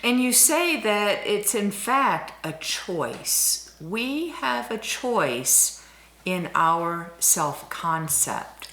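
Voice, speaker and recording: A woman's voice: medium pitch, sing-song, drawn-out words, fairly bright tone, echoey room. A woman hosting a talk show, asking questions and prompting her guest with short affirmations. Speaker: interviewer host.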